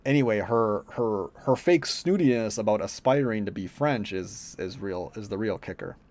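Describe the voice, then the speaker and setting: A man's voice: lowish voice, lively intonation, moderate pace, darkish tone. Rambling, profane man reviewing a film. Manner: rambling, blunt and profane, with many fillers. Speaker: movie reviewer. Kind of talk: casual spoken film review.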